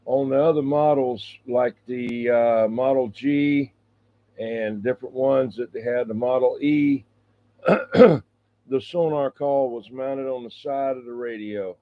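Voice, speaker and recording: Brief: casual radio hobbyist, man, explanatory and relaxed; narrow radio sound. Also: medium pitch, slow pace. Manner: easygoing, explanatory, fillers. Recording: tinny radio transmission.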